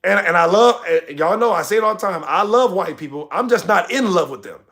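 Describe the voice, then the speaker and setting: Man, livestream host, high voice, gravelly fry, heated rant, talks right at the chat. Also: expressive, a little fast, fairly bright tone. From United States. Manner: passionate, ranting, addresses chat directly.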